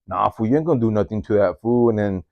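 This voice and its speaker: A man telling a story from his own life in a casual, slangy, profane way, leaping up in pitch whenever he quotes someone. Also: fast, creaky, no room sound, lo-fi sound. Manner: slangy and profane, jumps into high-pitched voices when quoting. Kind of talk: casual first-person storytelling.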